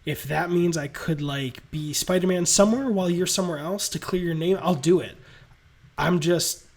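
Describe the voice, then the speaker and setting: A man's voice: on the high side, moderate pace. A man voicing a scared teenage boy superhero who rambles out an apology and a plea for help. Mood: earnest.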